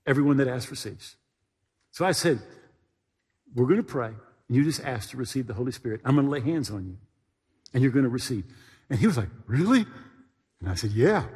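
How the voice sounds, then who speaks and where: A man's voice: mid-range voice, breathy edge, long reverb tail. A male pastor telling a story in a sermon, folksy and anecdotal, often turning to ask the congregation questions.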